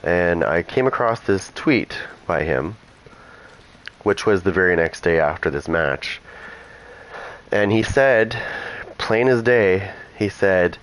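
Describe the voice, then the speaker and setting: A man's voice: low-pitched, expressive, takes it slowly, long pauses, fairly bright tone, low-quality recording. A man who runs a gaming channel, chatting casually and rambling through asides while he plays. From Canada. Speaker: gaming streamer. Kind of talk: casual chat over gameplay.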